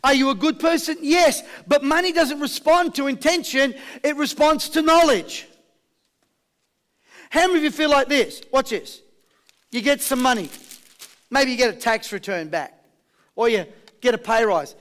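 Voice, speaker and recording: A man with an Australian accent giving a high-energy motivational seminar, rallying a live audience with questions and call-and-response. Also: moderate pace, pauses often, a bit bright. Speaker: motivational speaker.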